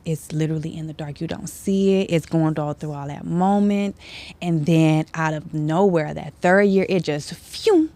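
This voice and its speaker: Woman host, kinda low voice, super encouraging, keeps hyping her guest up. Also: moderate pace, dark tone. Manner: encouraging, with lots of affirming murmurs. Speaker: interview host. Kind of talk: casual interview chat.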